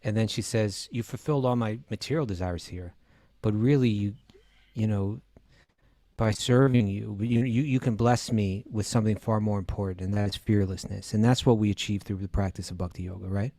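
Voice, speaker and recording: A man's voice: lowish voice, fairly even intonation, brisk, warm tone, dry recording. A man on a podcast explaining scripture passages patiently, with frequent restarts and "you know"s. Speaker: teacher and co-host.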